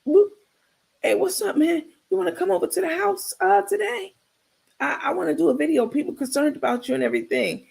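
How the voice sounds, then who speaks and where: A woman's voice: very high voice, vocal fry, a little mellow, voice pushed up, heavily acted. A woman putting on the voice of a bossy, scheming woman who coaches and pushes someone around. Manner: bossy, coaxing, fast-talking.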